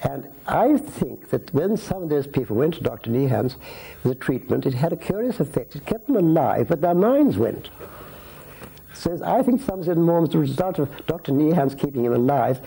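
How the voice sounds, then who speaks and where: Gravelly, husky man in his eighties. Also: a little high, sing-song, normal speed, dark tone, low-quality recording. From Scotland. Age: 80s. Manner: rambling, anecdotal, with restarts and asides. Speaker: interviewee, society photographer. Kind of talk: reminiscing in a filmed interview. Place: his home.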